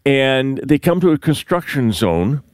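A man telling a news story on a casual talk show, his pitch rising and falling a lot as he goes. He recaps in a loose, chatty way with filler words, and his voice sounds close and dry. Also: sing-song, unhurried, smooth, no room sound. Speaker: news segment host.

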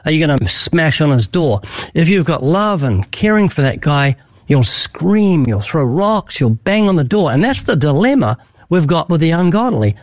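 A man's voice: on the high side, sing-song, normal speed, dry recording. A man explaining his evangelism in an interview, telling stories with acted-out dialogue. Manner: urgent storytelling with acted-out dialogue. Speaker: evangelist guest. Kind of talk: earnest preaching in an interview.

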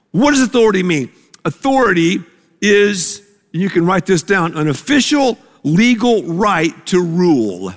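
Emphatic preacher in a reverberant hall. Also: male voice, high voice. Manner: emphatic, asks the congregation to repeat words. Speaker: pastor. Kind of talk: sermon.

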